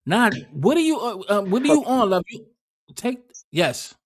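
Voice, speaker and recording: Lively, rambling, profane male streamer. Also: sits high, moderate pace. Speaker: livestream host. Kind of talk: casual crude banter.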